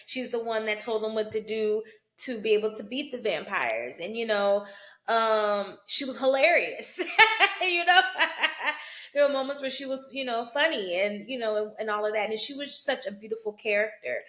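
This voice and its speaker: A fairly high-voiced woman talks through a film in a relaxed, conversational way, often tossing in "you know" and "right?". She speaks as a root worker. Her voice rings off the walls of an echoey room. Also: normal speed. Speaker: hoodoo root worker and vlogger. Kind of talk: casual film commentary.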